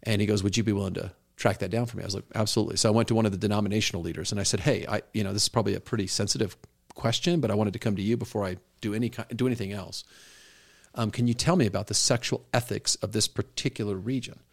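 Earnest low-voiced pastor telling stories. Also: male voice, fairly even intonation, rapid-fire, creaky. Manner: earnest, storytelling with quoted dialogue. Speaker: pastor and podcast co-host. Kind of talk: conversational podcast talk.

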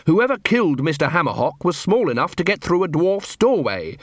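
A man's voice: a little high, a little fast, dry recording, clean studio sound, voice pushed up. A man voicing an earnest young watch corporal. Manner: calm, earnest, polite authority.

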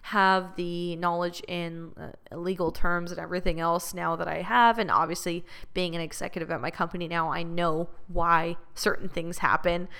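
A woman hosting a podcast talks straight to her audience, blunt and unfiltered, swearing freely. Her voice is bright and forceful, with a smooth, clear tone that carries through the rants. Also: fairly low pitch, fairly even intonation, moderate pace, hardly any pauses. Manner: blunt, profane, ranting. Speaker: podcast host. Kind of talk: candid storytelling to listeners.

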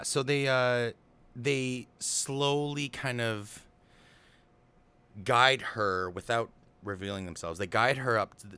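Low-pitched man rambling through a film recap. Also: bright, forceful tone. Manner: rambling, filler-heavy, paraphrases characters in offhand voices. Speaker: film commentator. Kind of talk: casual film recap and analysis.

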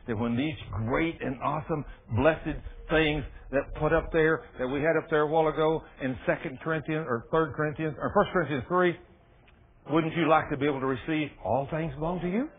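A man's voice: fairly high pitch, moderate pace. A man preaching a sermon in a folksy, storytelling way with plain dialect grammar. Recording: tinny phone-like radio broadcast.

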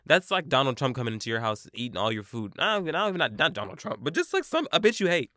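A young man co-hosting a podcast, telling an animated, profane story in casual chat. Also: mid-range voice, fast talker, no room sound, studio quality. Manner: animated, profane, replays his own quotes. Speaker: podcast co-host.

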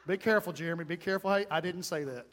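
A middle-aged male pastor preaching an emphatic, folksy sermon, swinging between loud calls and quiet asides. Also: high-pitched, racing. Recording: long hall reverb.

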